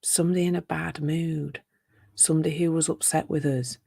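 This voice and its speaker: A woman's voice: sits low, little pitch movement, brisk, vocal fry, mellow, slightly rough, dry recording, clean studio sound. A woman teaching on a live talk, chatty and playful, with rhetorical asides to her listeners. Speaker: self-compassion teacher.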